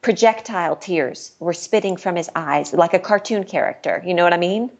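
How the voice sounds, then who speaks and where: A woman's voice: lowish voice, normal speed, highs cut off. A middle-aged woman, a podcast guest, telling a personal story in a candid, earnest way and laughing now and then. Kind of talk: personal storytelling in casual chat.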